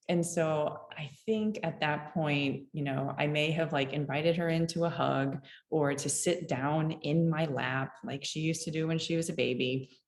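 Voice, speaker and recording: A woman's voice: low voice, moderate pace, hardly any pauses. A woman hosting a parenting show, sharing a personal story in a candid, musing way and often chuckling at herself. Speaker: parenting podcast host. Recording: roomy echo.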